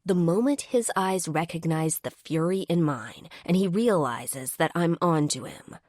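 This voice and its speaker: Lively wry woman narrating. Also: low-pitched, unhurried, no room sound, studio quality. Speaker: audiobook narrator. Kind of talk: first-person romance audiobook narration.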